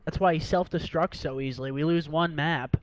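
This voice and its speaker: A man's voice: a little high, fairly even intonation, a little fast, no room sound. A man gaming with friends, teasing and trash-talking between callouts. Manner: teasing trash talk with laughter. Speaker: gamer. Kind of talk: live gameplay chat.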